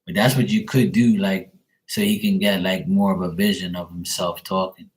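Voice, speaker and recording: A man's voice: low voice, fairly even intonation, moderate pace. A young man doing a live tarot reading on camera, relaying messages in a rambling way full of fillers. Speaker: tarot reader. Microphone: webcam at desk.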